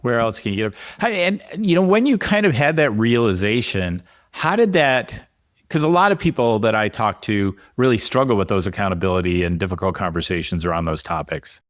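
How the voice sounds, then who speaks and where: A man with a fairly low voice hosts a leadership podcast, thinking aloud and winding his way into long questions. His voice sits dry and close to the mic. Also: expressive, fairly quick, no room sound. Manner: reflective and conversational, asks long questions. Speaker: podcast host and leadership coach. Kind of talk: casual interview conversation.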